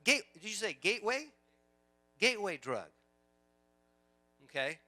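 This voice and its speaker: A male pastor preaching a sermon, swinging from loud emphatic lines to quiet storytelling, with chatty asides and repeated words. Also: sits high, very animated, a little slow.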